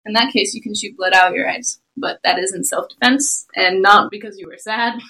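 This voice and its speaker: A woman co-hosting a casual chat, playful and animated, chiming in with tangents. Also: medium pitch, normal speed, poor audio. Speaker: podcast co-host.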